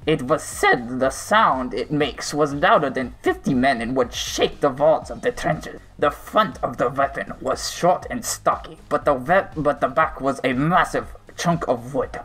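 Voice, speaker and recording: Man doing a German-accented, shell-shocked soldier, slow and grave, for a comedy creepypasta read. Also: mid-range voice, a bit bright, rough recording. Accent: put-on German accent. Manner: slow, halting dramatic reading. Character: war-weary German soldier recalling the trenches. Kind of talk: reading a creepypasta aloud.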